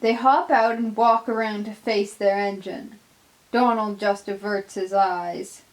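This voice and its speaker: Brief: woman narrator, unhurried storybook reading, mid pitch. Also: steady tone, poor audio. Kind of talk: fan fiction audio reading.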